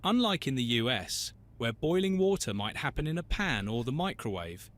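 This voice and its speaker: A man's voice: medium pitch, big pitch swings, normal speed, fairly bright tone. A man reading scripted, witty narration for a list video. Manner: crisp, witty listicle delivery.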